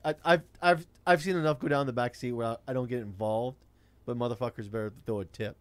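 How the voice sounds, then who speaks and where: A man's voice: mid-range voice, quick pace, no echo. A man, telling a profane rideshare-driving story in casual chat. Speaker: rideshare driver.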